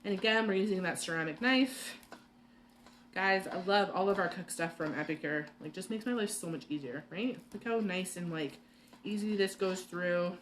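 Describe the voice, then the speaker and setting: A woman's voice: fairly low pitch, moderate pace, slight background noise. A woman hosting a live cooking class from her home kitchen, chatting and rambling with lots of fillers and laughs. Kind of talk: live cooking demo chat.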